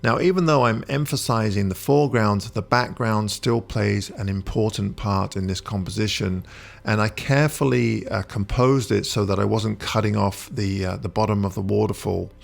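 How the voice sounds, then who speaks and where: A man narrating a photography tutorial in a relaxed, explanatory way, pausing often with "uh". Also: fairly low pitch, gravelly. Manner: relaxed, explanatory, with frequent "uh" pauses. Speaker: photography instructor. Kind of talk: voice-over tutorial.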